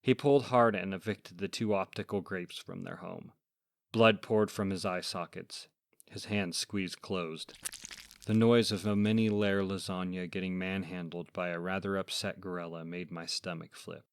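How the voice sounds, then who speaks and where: Low-voiced man narrating dark horror tales. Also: fairly even intonation, normal speed, gravelly, clean tone, dry recording, studio quality. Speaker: horror story narrator and podcast host. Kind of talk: scripted first-person horror narration.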